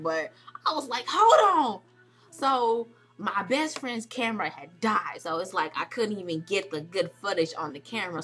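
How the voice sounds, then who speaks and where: A young woman excitedly telling a vlog story, acting out quotes with squeals and shouts. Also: mid-range voice. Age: young adult. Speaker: vlogger recounting a club night.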